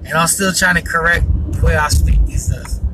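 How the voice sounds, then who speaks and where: A man's voice: fairly high pitch, normal speed, distant mic. A man hosting a personal faith podcast, talking earnestly and rambling with many fillers and yawns. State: yawning often. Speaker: podcast host. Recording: noisy, voice from off the mic.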